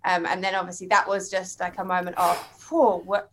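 A young woman in casual chat, telling a story in an animated way and laughing often. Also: lowish voice, quick pace, slight background noise. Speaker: guest.

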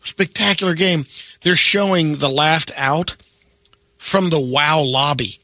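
A man co-hosting a morning radio show, chiming in with short comments and quick bits of story. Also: on the high side, sharp tone, no room sound. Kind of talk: casual radio chat.

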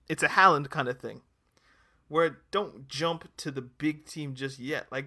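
A man in casual football chat with a co-host, animated and jokey, teasing as he talks. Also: medium pitch. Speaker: podcast co-host.

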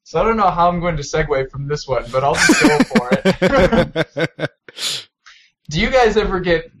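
A man's voice: on the high side, lively intonation, a little slow, a crowd in the background. Chatty young man co-hosting. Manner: chatty, upbeat, teasing. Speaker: podcast co-host. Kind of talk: casual chat.

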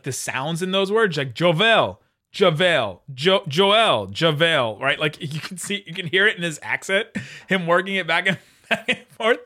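A man hosting a casual sports podcast, chatty and quick to laugh, often restarting his sentences. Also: a little high, sharp tone. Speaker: podcast host.

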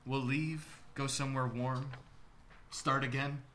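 A creepy coaxing killer. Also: male voice, mid-range voice, flat delivery, takes it slowly, a little hiss or hum. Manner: coaxing, then erupting into shouts. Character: menacing male taxidermist killer, coaxing and cruel. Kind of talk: audio drama acting.

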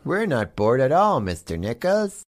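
A man hosting a comedy talk show in a mock-serious, deadpan way, playfully bossing his guest around. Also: mid-range voice, unhurried.

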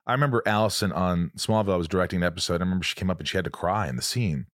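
A middle-aged man with a very low, deep voice chats casually, reading fan questions and telling stories. The sound is dry and close, with no room around it. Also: rapid-fire, dry recording. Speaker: co-host.

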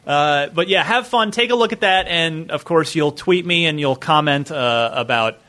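A man hosting a gaming podcast, talking in an animated, chatty way. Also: a little high, moderate pace. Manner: animated, chatty, plugs segments. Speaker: podcast host. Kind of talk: casual podcast chat.

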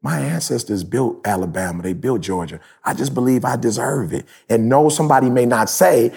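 A man in his thirties hosting a podcast, talking in an animated, preachy, slangy way. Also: mid-range voice, a little fast, vocal fry, slightly rough. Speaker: podcast host. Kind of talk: casual podcast chat. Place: live event in Jamaica.

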